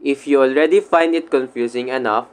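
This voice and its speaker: Guy presenting a class report, halting read with restarts, first language filipino, mid-pitched voice. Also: smooth. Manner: reads haltingly with slips and restarts. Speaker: student presenter.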